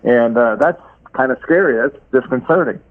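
A man's voice: mid-range voice, moderate pace. Guy calling in on a tinny phone line, lots of uh and you know, stumbles over words. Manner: hesitant, repeats words, many fillers. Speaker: caller. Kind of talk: casual phone interview. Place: Florida.

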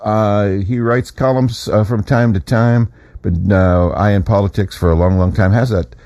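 A man's voice: fairly low pitch, fairly even intonation, normal speed, darkish tone, dry recording. A man hosting a talk radio show, folksy and chatty with frequent fillers.

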